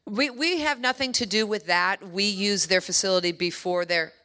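A woman's voice: medium pitch, moderate pace, bright, forceful tone. A woman who runs a kids camp, speaking earnestly and enthusiastically at a church meeting and answering questions from the audience.

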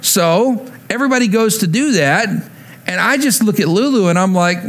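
A male pastor in his forties delivers a sermon through a family story. His voice sits a little high. He acts out each quoted line with lively energy and drops his voice low and quiet when he turns to reflection. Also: moderate pace.

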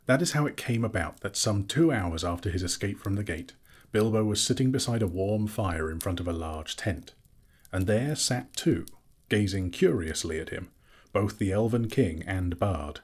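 A man's voice: fairly low pitch, expressive, moderate pace, breathy edge. A man reading a classic novel aloud as narrator, telling the story steadily. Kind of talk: audiobook reading.

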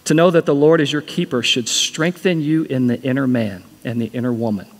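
Male pastor, mid-pitched, earnest sermon delivery with repeated phrases, reverberant church room. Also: steady tone, fairly quick.

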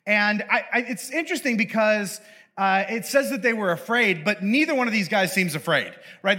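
A young man with a high, bright voice preaches casually and playfully. He often stops and restarts his sentences, and he tosses in jokes as he goes. The tone is relaxed and conversational. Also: moderate pace. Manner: chatty, self-interrupting, playful. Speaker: pastor. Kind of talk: casual humorous sermon.

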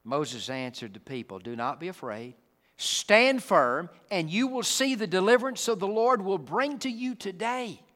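A man's voice: high-pitched, sing-song, moderate pace. Dramatic preacher man in an echoey hall. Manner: dramatic, acts out the Bible figures, swings from loud to hushed. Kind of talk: sermon.

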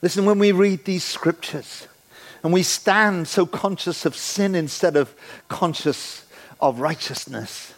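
A man in his sixties preaching a sermon in a church, playful and animated, acting out the voices he quotes. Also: sits high, unhurried. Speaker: guest preacher.

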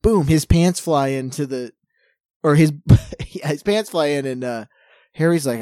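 A man co-hosting a casual podcast, joking and chiming in with quick asides. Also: on the high side, mellow, no room sound, clean studio sound. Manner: jokey, chimes in with quick asides. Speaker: podcast co-host. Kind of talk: casual chat recapping a TV show.

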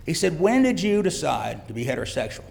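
Gravelly middle-aged man in a reverberant church. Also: a little high, sing-song, fast talker, a little mellow. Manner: heartfelt, emotional. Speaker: church guest speaker, father. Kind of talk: personal testimony.

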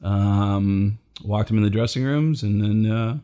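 A middle-aged man casually telling a comedy story, acting out the people he quotes with big jumps in pitch. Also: measured pace, mellow, clean tone. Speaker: comedian guest.

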